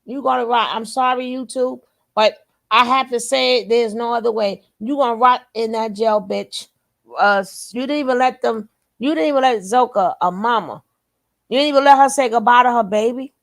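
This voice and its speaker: A woman's voice: a little high, normal speed, gravelly. A woman giving reaction commentary, emphatic and blunt, repeating her phrases again and again. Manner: blunt, curses then apologizes.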